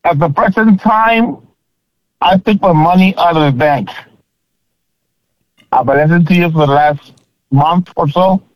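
Guy calling into a radio show, polite and eager, slightly high voice, muffled phone line. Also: a little slow, pauses often, no room sound. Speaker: caller. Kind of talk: call-in phone conversation.

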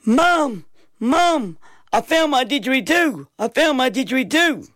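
A man voicing an excited little boy, shouting out. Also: sits high, moderate pace, creaky, breathy edge, no echo, studio quality, voice pushed up, full character voice.

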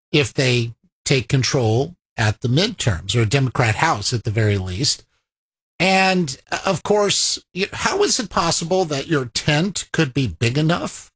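A man's voice: fairly high pitch, a bit bright. Sardonic man hosting talk radio. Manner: sardonic, chuckling asides. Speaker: radio talk show host. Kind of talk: political talk radio monologue.

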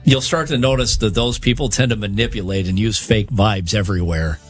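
A man's voice: on the low side, fairly quick, faint music behind. A man co-hosting a radio show, talking in a blunt, matter-of-fact way in casual banter. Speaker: co-host.

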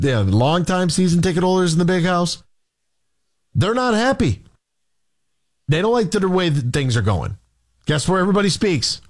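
A man hosting a morning sports radio show, ranting in exasperation with a stream of rhetorical questions. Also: a little high. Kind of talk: heated sports talk rant.

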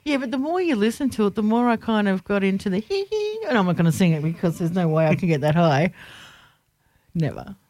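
Brief: radio co-host, self-mocking banter, expressive pitch, dry studio sound. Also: fairly quick, no room sound.

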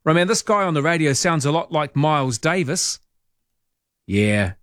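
A man's voice: on the high side, expressive, normal speed, a bit bright, dry recording. Male talk radio host, Italian accent, wry and dry, close studio mic with no room sound. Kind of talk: late-night talk radio, reading listener texts. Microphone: studio microphone.

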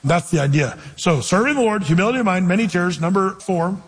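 A male pastor giving an animated sermon, asking his listeners questions and acting out quoted voices. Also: sits high, brisk, husky, in a large hall.

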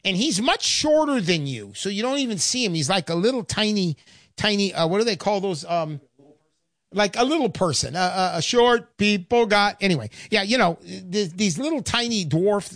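A woman giving an emphatic, sarcastic sales pitch for investing in gold and silver. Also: very animated, moderate pace, no room sound, clean studio sound. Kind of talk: persuasive sales talk.

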